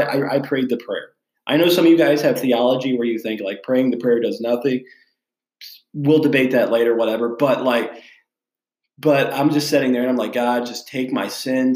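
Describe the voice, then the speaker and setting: Man, pastor podcast host, casual storytelling, candid and chatty, mid-pitched voice, echoey room. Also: darkish tone. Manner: candid, chatty, self-deprecating, with fillers.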